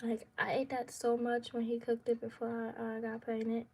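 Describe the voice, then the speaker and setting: Animated young woman telling a story. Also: on the high side, normal speed, husky. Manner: animated, dramatic storytelling with laughs; casual slangy speech. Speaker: vlogger. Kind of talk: casual storytime.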